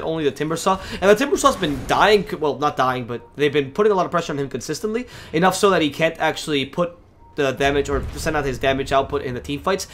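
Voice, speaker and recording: A man casting an esports match alone, talking fast, correcting himself often and getting louder in fights. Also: mid-range voice, a little hiss or hum. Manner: fast, self-correcting, rising to excited shouts in fights. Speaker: esports caster. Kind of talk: solo game commentary.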